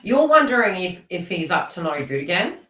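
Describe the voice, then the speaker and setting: A woman's voice: on the low side, sing-song, brisk, sharp tone, echoey room, far from the mic, slight background noise, rough recording. A woman giving a live tarot reading, chatty and teasing as she talks to viewers by name. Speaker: tarot reader.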